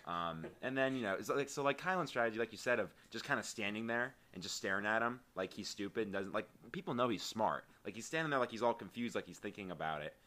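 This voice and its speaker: A man co-hosting a casual recap podcast, talking quickly in a lowish, bright voice. He rambles on eagerly, piling up his thoughts. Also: expressive. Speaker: podcast co-host. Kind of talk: casual reality-show recap chat.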